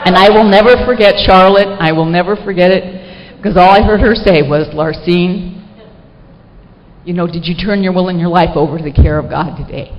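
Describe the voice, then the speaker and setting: At a recovery meeting, a middle-aged woman tells an audience a personal story, animated and poking fun at herself, with plenty of filler words. Her voice is mid-range, and the recording is dull and lo-fi, with hall echo and faint noise.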